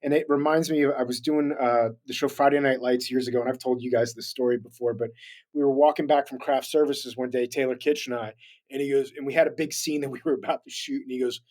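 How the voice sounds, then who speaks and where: A man's voice: mid-range voice, fairly even intonation, fast talker, a little mellow. A man talking as a voice actor guest in a remote interview, reflective and rambling, laughing easily. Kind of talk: casual interview chat.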